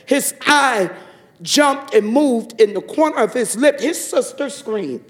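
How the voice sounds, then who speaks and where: A man giving a fervent testimony to a church congregation, telling a story and breaking into shouted praise. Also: extremely high pitch, normal speed.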